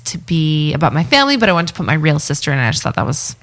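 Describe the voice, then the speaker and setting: A woman's voice: sits low, very animated, racing, a bit bright. A woman, a guest comedian on a casual chat podcast, making dry, teasing remarks. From Canada.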